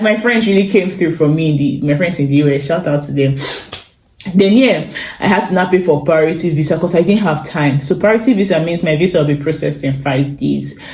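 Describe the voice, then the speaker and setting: A young Nigerian woman with a Nigerian accent, telling a personal story in a casual, animated vlog full of exclamations and repeats. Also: low-pitched, reverberant. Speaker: vlogger. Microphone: phone.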